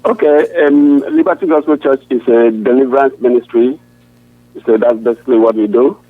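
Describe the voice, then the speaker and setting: An earnest male pastor speaks over a tinny, dry phone line at a middle pitch. He talks haltingly and often restarts his sentences. The narrow sound has no room in it. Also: fairly even intonation, no room sound.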